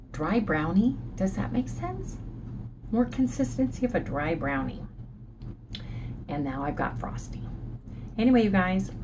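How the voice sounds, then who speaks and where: A woman's voice: on the low side, background noise. A middle-aged woman chatting casually to her viewers in a vlog while she eats and goes for walks. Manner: chatty, addresses viewers as you guys; talking while chewing and walking outdoors. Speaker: vlogger.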